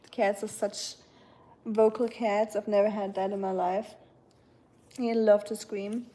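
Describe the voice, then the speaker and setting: Dark-voiced woman chatting. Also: medium pitch, level tone, unhurried. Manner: chatty, rambling, with frequent fillers. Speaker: livestream host. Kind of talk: casual chat reading viewer comments.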